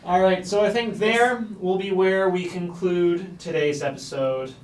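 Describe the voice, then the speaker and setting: A young man hosting a student talk show and signing off in a halting, formal way. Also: high-pitched, steady tone, a little mellow. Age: young adult. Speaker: host. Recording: distant mic with faint noise.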